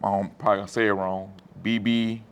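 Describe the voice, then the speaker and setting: A man's voice: on the low side, level tone, a little fast, smooth. A man from Memphis hosting an interview, easygoing and joking, with "man" and "bro" in every sentence. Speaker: podcast host. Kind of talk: casual interview chat.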